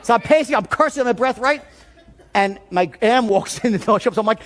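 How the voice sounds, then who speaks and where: A man telling a story in a seminar talk, animated and profane, often shouting as he acts out the scene. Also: extremely high pitch, quick pace. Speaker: sales trainer.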